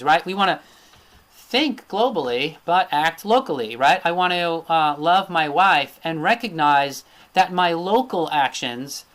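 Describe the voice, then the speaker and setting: A male teacher gives a recorded lecture from his slides. He thinks aloud with plenty of fillers and often checks in with a quick tag question. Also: on the high side, a bit bright. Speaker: Ayurveda teacher.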